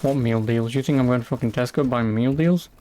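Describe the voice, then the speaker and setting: A man's voice: mid-range voice, brisk, warm tone, slight background noise. A young British man streaming a game, casually bantering with his chat, sarcastic and swearing. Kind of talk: casual live-stream chat while playing.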